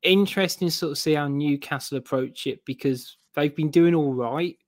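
A man's voice: a little high, normal speed, no room sound, studio quality. A man speaking as a football fan guest in a casual podcast chat. He hedges and restarts his sentences as he talks. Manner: rambling, hedging with restarts.

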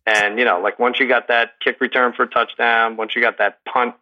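A man's voice: mid-range voice, little pitch movement, brisk, highs cut off. A man co-hosting a sports podcast, teasing with dry sarcasm in casual chat. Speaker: podcast co-host.

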